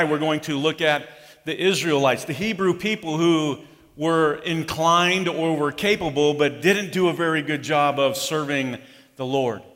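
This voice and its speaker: A man's voice: fairly high pitch, a bit bright, in a large hall. A pastor preaching a sermon in a conversational way, acting out the grumbling voices of his congregation. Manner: conversational, acts out the complaints of the crowd.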